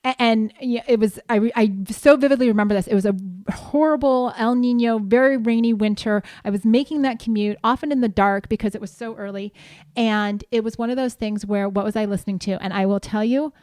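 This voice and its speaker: A woman's voice: on the high side, a little fast, no echo. Candid woman co-host, dry close mic. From Southern California. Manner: candid, animated storytelling. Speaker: podcast co-host. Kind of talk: casual chat.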